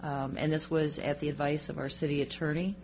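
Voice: medium pitch, level tone, a little mellow. City staff person explaining a rule change, lots of um and uh, slight hiss. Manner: measured, many ums and uhs. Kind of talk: explaining policy to a committee.

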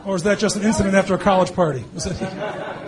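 A man in his fifties or sixties, a mayor teasing children at a public meeting with quick jokes and frequent laughs. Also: high voice, fairly even intonation. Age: born 1964, 50s or 60s. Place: meeting hall with an audience. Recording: crowd noise behind. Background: crowd.

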